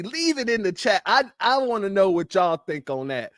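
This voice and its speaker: High-voiced man mocking with laughter. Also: sing-song, normal speed, fairly bright tone, dry recording, studio quality. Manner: laughing, teasing, talks to his audience as family. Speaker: online show host. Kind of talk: mocking commentary.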